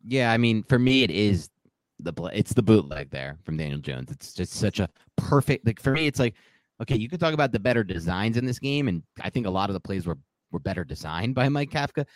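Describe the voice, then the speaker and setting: A man's voice: lowish voice, very animated, fairly quick, dry recording. A man co-hosting a sports podcast, breaking down a game in loose, rambling talk, correcting himself and laughing at his own slips. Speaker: podcast co-host. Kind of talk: casual sports podcast analysis.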